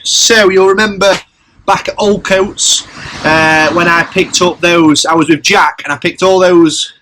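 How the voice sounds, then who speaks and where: A man's voice: a little high, pushed and bright. A man, chatting casually on his vlog and running upbeat tallies of prices and profit. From England. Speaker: reseller vlogger. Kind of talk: casual chat.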